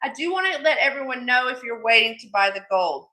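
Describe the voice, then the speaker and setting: A woman's voice: fairly high pitch, expressive, fast talker, bright, forceful tone, reverberant. A woman hosting a live jewelry sale stream, chatty and affectionate with her viewers, calling them sweetie. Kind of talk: live-stream selling chat.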